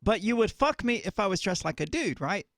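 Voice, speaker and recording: Woman hosting a stream, talks over people, swears a lot, bouncy high voice, dry close mic. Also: sing-song, fairly quick, dry recording. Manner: blunt, profane, keeps cutting in to take control. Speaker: live-stream show host. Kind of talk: moderating a heated live-stream debate.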